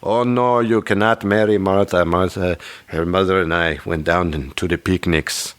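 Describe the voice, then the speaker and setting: A man voicing an old immigrant father in a told joke, speaking halting, broken English with a Russian-German accent. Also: deep voice, fairly even intonation, clean tone, natural voice. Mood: scolding.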